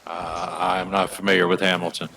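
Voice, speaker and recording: A man from the US South chatting with a friend over a game, cracking dry, deadpan jokes. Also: low-pitched, moderate pace, poor audio. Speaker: co-player. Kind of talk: casual chat while gaming.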